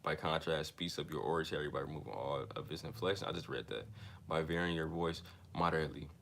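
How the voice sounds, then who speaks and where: His voice is extremely low and gravelly, a bit bright, with fairly even intonation, and a little hiss or hum sits under it. The young man reads a self-help book haltingly, tripping over and restarting words while adding casual comments for listeners.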